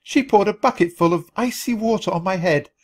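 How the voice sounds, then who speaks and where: A man reading a children's storybook aloud at natural speed for language learners, clear and expressive. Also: high voice, fairly quick. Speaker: storybook reader.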